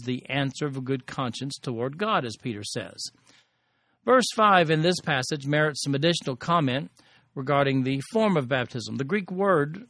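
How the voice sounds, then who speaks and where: A man reading scripture aloud and then teaching on it, with measured, deliberate delivery and emphatic stresses. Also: mid-range voice, no echo, clean studio sound. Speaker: Bible teacher.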